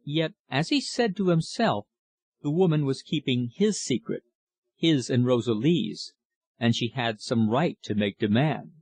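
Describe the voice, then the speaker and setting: A man reading a classic novel aloud as an audiobook narrator, in a steady, measured way. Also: medium pitch, slightly rough.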